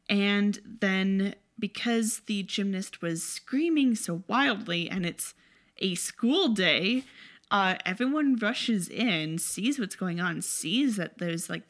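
Woman, casual movie recap, wry, chatty, sarcastic, mid-pitched. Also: fairly bright tone.

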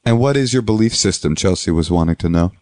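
A man's voice: sits low, animated, quick pace, a little mellow, no room sound. A man hosting a podcast, chatting in a friendly way and teasing his callers. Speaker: podcast host. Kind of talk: casual chat.

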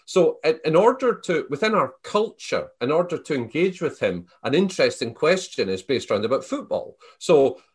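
A Scottish man chatting in an interview, his pitch rising and falling a great deal as he tells stories. He stumbles and restarts often, padding his talk with fillers. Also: normal speed, hardly any pauses, breathy edge. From Scotland. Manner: storytelling, animated, many restarts and fillers. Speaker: guest. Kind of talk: casual interview chat.

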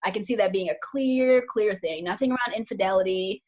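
A woman couples therapist explains her method in a relaxed podcast conversation. Her voice is slightly husky and sits at an ordinary pitch. She speaks earnestly and thoughtfully, often doubling words for emphasis. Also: fairly quick. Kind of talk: casual podcast discussion.

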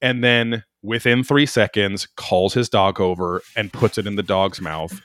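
A man telling a story in casual chat, animated, rambling and profane. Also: fairly low pitch, a little slow.

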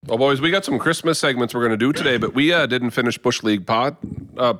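A man's voice: medium pitch, quick pace, a bit bright. A man co-hosting a podcast, joking and laughing through casual banter with friends. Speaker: podcast co-host.

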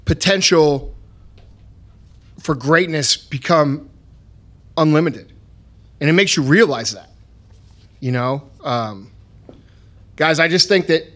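A man's voice: on the high side, animated, takes it slowly, long pauses, a bit bright. A man hosting a podcast, talking in a blunt, profane and emphatic motivational way. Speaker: podcast host.

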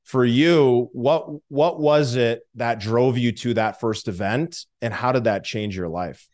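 A man's voice: mid-range voice, a little slow, darkish tone. A man hosting a podcast, asking a guest about her story in a reflective way. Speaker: podcast host. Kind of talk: interview questions.

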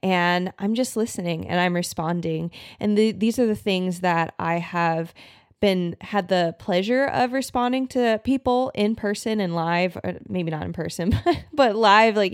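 Woman, podcast host. Low-pitched, earnest and heartfelt. Dry, close sound. Often restarts phrases. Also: smooth, dry recording. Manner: earnest, warm, repeats words when restarting. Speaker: podcast host and health practitioner. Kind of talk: heartfelt solo podcast talk.

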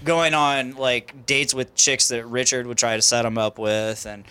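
Wry man with a bright voice. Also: medium pitch, level tone, measured pace, smooth. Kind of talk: casual chat.

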